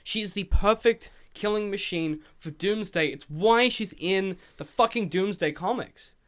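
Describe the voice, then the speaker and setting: A man's voice: high voice, a little slow, a bit bright. A young man co-hosting a casual film review podcast, ranting animatedly and swearing freely. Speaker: podcast co-host.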